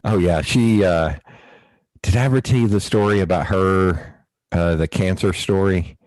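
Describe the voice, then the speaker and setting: A man with a low voice hosts a relaxed podcast chat. He tells stories with animation and breaks into laughter often. The sound is dry and close, with no room around him. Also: normal speed, no echo, low-quality recording. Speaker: podcast host. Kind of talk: casual storytelling chat.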